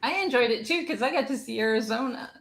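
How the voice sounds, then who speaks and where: A guest in a casual chat, giving relaxed, laughing replies. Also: medium pitch, fast talker.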